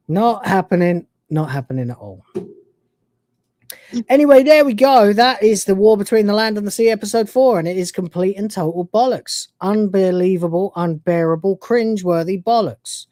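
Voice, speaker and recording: A man's voice: sits high, normal speed, mellow, no echo. A man hosting a live review stream, ranting and swearing in exasperation. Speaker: host.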